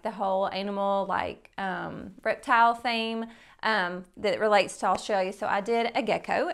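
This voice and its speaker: A woman's voice: medium pitch, gravelly, fairly bright tone. A woman art teacher giving a casual step-by-step tutorial in her studio, talking loosely with lots of "um" and "like". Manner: casual, friendly, many fillers like "um" and "like".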